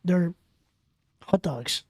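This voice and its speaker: A streamer giving excitable, profane live commentary while playing a game and bantering with viewers. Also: mid-range voice, extremely slow, no room sound. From Canada.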